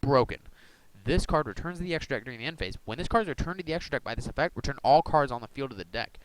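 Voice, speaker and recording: A man's voice: mid-range voice, animated, racing, a little hiss or hum, rough recording. A young man casually walking through his card deck, rambling with many ums and uhs. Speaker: YouTuber showing a card deck. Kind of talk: casual deck profile talk.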